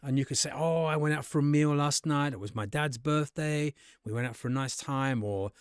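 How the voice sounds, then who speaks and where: A man teaching English to camera in a casual, conversational way, sometimes jumping his voice up high to act out sample dialogues. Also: normal speed, clean tone, no echo, clean studio sound. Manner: conversational, acts out sample dialogues with bright jumps in pitch. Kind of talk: casual spoken lesson to camera.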